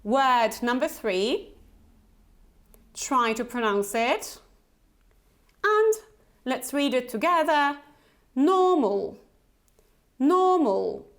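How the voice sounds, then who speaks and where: Slow, high-voiced woman teaching pronunciation. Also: animated, fairly bright tone. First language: Polish. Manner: slow, deliberate, repeats words for learners to echo. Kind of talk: online pronunciation lesson.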